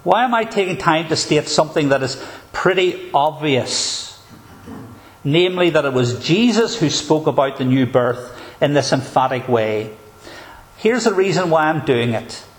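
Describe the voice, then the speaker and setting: A man's voice: on the high side, expressive. Emphatic man preaching a sermon. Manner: emphatic, measured preaching with deliberate pauses. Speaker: pastor.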